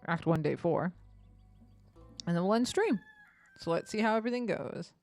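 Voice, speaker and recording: A woman streamer casually commenting on a game, relaxed and thinking aloud as she plays. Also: lowish voice, normal speed, faint music behind.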